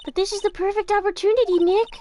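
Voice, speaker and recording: A woman voicing a bubbly, excitable young female assistant, chirpy and eager. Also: very high-pitched, fast, a little hiss or hum, pitched above the performer's own voice.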